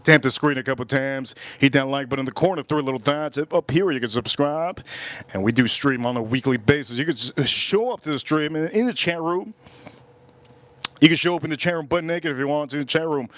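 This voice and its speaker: A man's voice: on the high side, fairly quick, fairly bright tone, dry recording. A man hosting a livestream, telling a story in casual chat, rambling and repeating his phrases over and over. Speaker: livestream host.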